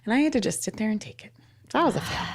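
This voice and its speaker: A woman's voice: fairly high pitch, lively intonation, rapid-fire. A woman co-hosting a podcast, telling a candid, self-mocking story in casual chat, with lots of "like" in her speech. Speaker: podcast co-host.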